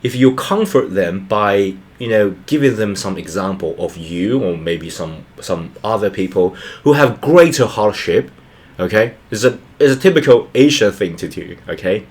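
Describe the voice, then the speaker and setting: Hesitant, earnest man with a low voice. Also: expressive, normal speed, darkish tone. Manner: hesitant, many fillers and restarts; earnest, reflective. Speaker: art channel host and father. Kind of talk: reflective personal monologue.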